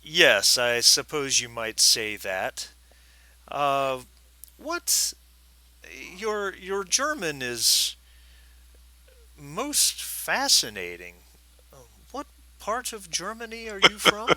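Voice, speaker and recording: A man doing a polished, careful German gentleman. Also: fairly high pitch, very animated, dry recording, pitched above the performer's own voice, heavily acted. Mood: curious. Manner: measured, formal speech.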